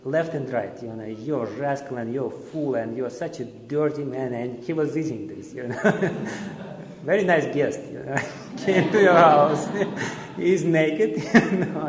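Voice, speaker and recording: Chuckling male teacher in an echoey hall. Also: on the high side. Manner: chuckling, conversational. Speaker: seminar teacher. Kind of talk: storytelling lecture. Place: lecture hall.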